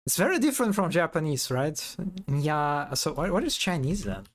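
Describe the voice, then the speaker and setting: Casting: woman streamer, low voice with lively swings, giggly and curious. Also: normal speed. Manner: giggly, curious, repeats words aloud to test them. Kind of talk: casual live-stream chat.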